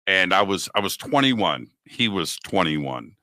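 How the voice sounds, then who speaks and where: Animated older male host, bright voice. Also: low-pitched, unhurried, no room sound. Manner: animated, acts out quoted dialogue. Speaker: radio show host. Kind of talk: conversational storytelling.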